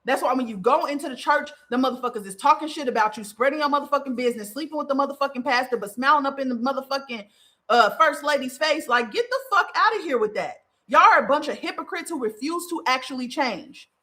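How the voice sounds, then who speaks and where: A woman's voice: high-pitched, animated, fast, pushed and bright. A woman podcast host giving a spiritual monologue, fiery and profane, repeating phrases for emphasis.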